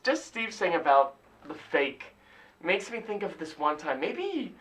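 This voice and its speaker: A man's voice: fairly high pitch, sing-song, unhurried, a bit bright, distant mic, low-quality recording. A man in his twenties, a podcast co-host, telling a laid-back story with lots of fillers. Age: 20s. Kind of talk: casual chat.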